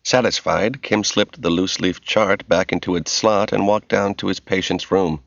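A man narrating an audiobook in a steady, even storytelling manner. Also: low-pitched, moderate pace, creaky, no echo. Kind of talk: scripted narration. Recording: dry, dull, muffled.

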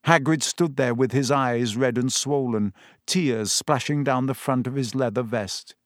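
A man reading a storybook aloud in a measured, expressive narration. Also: medium pitch, dry recording, studio quality. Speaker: audiobook narrator.

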